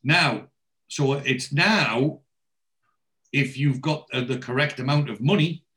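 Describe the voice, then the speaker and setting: A man of medium pitch chats casually on a podcast. He rambles and restarts as he recaps a TV episode. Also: slow, bright, forceful tone. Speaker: podcast co-host.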